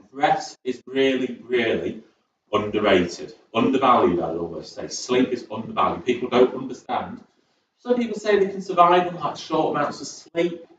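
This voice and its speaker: A man's voice: medium pitch, a bit bright. A young man coaches a seated exercise class in a chatty, encouraging way, drifting into rambling asides. He sounds distant from the mic in an echoey sports hall, and the recording is dull with a faint hiss. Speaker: fitness instructor. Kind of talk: chair exercise class instruction. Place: community sports centre.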